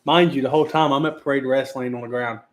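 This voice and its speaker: A man's voice: mid-range voice, fairly even intonation, fast talker. Joking man telling stories on a podcast. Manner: joking, acts out quoted voices in his stories. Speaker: podcast co-host. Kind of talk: casual storytelling chat.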